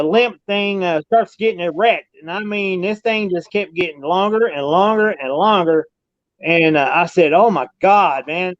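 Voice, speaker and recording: On a podcast, a male guest with a fairly high voice tells a long, rambling story of an alien encounter, repeating himself in a folksy, casual way. The line sounds dull and lo-fi, with no room sound or echo.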